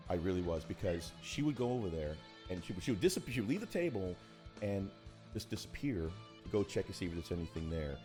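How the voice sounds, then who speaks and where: Brief: lively male stream host, very expressive pitch, soft music underneath. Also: quick pace. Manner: animated storytelling, jumps between high and low. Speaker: livestream co-host. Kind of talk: casual chat.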